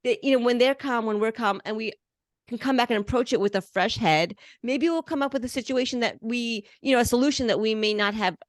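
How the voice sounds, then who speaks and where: A woman host in a quick, affirming interview style who sums up her guest's points. She talks fast in a fairly high voice, and the recording is dry and close. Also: dry recording. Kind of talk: conversational interview.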